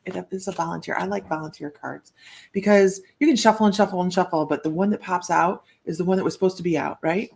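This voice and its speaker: A woman's voice: on the low side, fairly even intonation, fast talker, vocal fry, darkish tone. A woman psychic reader hosting a live stream, chatting in a rambling, friendly way and greeting viewers by name. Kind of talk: casual live-stream chat.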